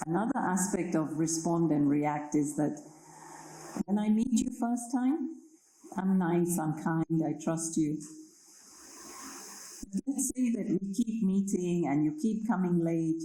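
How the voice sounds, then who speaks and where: Slow, mellow woman speaking in an echoey hall. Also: lowish voice. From Kenya. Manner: slow, reflective, checks in with listeners. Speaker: meditation speaker. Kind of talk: spiritual talk to an audience. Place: library hall.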